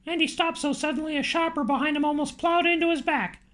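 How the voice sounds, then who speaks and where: A woman with a high, bright voice reads an audiobook aloud. Her delivery is lively and expressive, keeping the story moving. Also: quick pace. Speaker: audiobook narrator. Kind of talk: audiobook narration.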